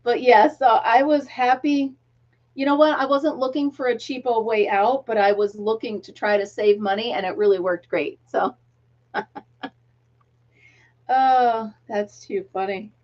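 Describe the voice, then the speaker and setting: This middle-aged crochet livestream host has a fairly high, slightly mellow voice and speaks a little slowly. She chats casually, laughs a lot, and counts her stitches aloud despite a throat tickle, with the audio's highs cut off.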